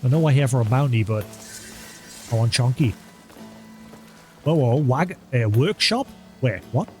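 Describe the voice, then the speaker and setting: A man's voice: mid-range voice, expressive, a little slow, a little mellow, faint music behind. A man streaming a video game live, chatting casually and coaxing an in-game cat with a playful voice. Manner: chatty, talks to in-game cat, baby-talk and meowing. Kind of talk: live gameplay commentary.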